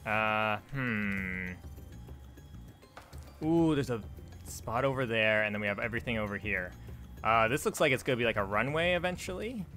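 A young man talking through his gameplay in a loose, rambling way, often sidetracking himself and laughing. His voice has a bright, forward tone, with game music faint underneath. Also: fairly low pitch, lively intonation, moderate pace, pauses often. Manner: chatty, easily distracted, laughing often. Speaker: gameplay streamer. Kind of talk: casual let's-play commentary.

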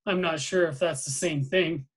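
A man's voice: on the high side, fairly even intonation, moderate pace, breathy edge. An earnest, curious young boy, read aloud by a man in a storybook reading. He answers carefully and with some hesitation, in a slightly raised voice.

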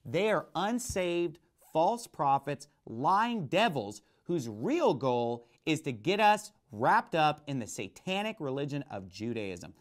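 A man's voice: a little high, sing-song, takes it slowly, few pauses. A male pastor preaching a sermon emphatically, asking and answering rhetorical questions.

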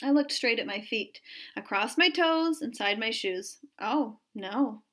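A woman teacher reading a children's story aloud in an expressive storytelling manner. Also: a little high, a little slow.

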